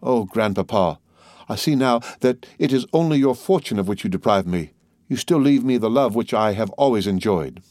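A man's voice: fairly low pitch, animated, normal speed, darkish tone, dry recording, clean studio sound, lightly acted. A man voicing a tender, devoted young granddaughter who speaks in an earnest, pleading way.

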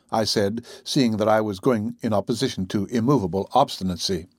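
A man narrating a classic adventure novel in the first person, with a husky voice and measured storytelling. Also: lowish voice, dry recording, studio quality. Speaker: audiobook narrator.

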